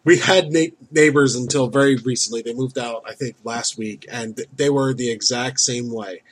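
A man's voice: medium pitch, steady tone, normal speed, breathy edge. A man in casual chat, swearing often and venting in an exasperated way about his neighbors. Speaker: store worker.

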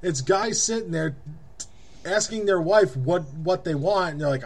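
A man of about thirty with a fairly high voice jokes his way through a casual chat. He laughs easily and goes along with his co-host. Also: animated, unhurried, a little mellow. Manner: joking, laughs easily, agreeable.

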